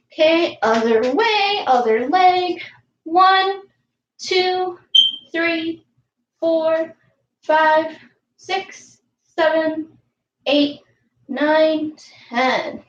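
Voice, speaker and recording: A woman coaching young girls through an online warm-up and lesson, counting aloud in an upbeat way and calling herself by name in the third person. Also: very high-pitched, lo-fi sound. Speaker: youth sports coach. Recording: echoey room.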